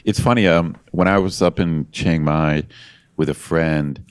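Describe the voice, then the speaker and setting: With an extremely low, steady voice, this man speaks a little slowly as a podcast co-host chatting casually. His talk is rambling and self-deprecating, full of restarts.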